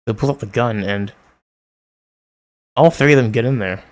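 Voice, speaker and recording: A man casually reading a manga aloud, reading out the character lines, commenting and laughing as he goes. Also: medium pitch. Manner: reads character lines in quick voices and laughs often; excited outbursts. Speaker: manga reader. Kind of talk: casual read-along with commentary.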